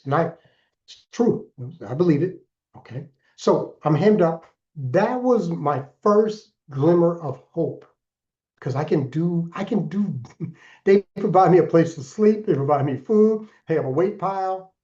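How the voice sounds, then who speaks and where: A man in his sixties speaks as a podcast guest, recounting his past earnestly and deliberately, now and then pressing hard on a word. His voice is mellow and dark. The recording is a bit dull and lo-fi. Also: on the high side, lively intonation. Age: 60s. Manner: earnest, deliberate storytelling with emphatic bursts. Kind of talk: personal story in interview.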